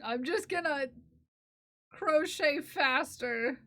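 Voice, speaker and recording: Playful high-voiced woman streamer. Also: slow pace, a bit bright. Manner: playful, laughing, scolding chat. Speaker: livestreamer. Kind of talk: casual live-stream chat.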